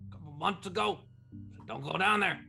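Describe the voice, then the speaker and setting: A man's voice: high voice, normal speed, vocal fry, pushed and bright, soft background music, pitched above the performer's own voice, heavily acted. A man voicing a skittish blue-skinned male gnome miner who blurts out his lines. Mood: flustered.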